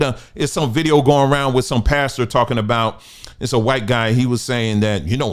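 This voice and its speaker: A man's voice: mid-range voice, fairly quick. Fired-up man ranting into his mic. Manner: fired-up, rhetorical questions, repeats and restarts. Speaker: online commentator. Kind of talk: ranting commentary monologue.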